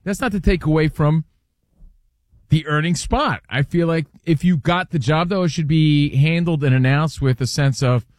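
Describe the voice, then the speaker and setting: A man's voice: fairly high pitch, moderate pace, no echo, studio quality. A man co-hosting a sports talk radio show, overthinking a quote and acting out what others might say. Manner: animated, overthinking, acts out quoted voices.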